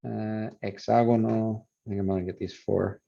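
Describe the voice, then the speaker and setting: A man teaching a phonetics class review, explaining and repeating words slowly to model pronunciation. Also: fairly low pitch, flat delivery, gravelly, warm tone. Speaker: Spanish phonetics instructor. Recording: dull lo-fi classroom recording.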